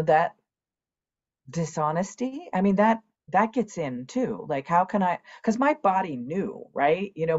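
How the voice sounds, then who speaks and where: A woman's voice: deep voice, a little mellow, muffled recording. A woman in her sixties, a podcast guest telling her own story candidly and animatedly, acting out past conversations. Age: 60s. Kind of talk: candid personal interview.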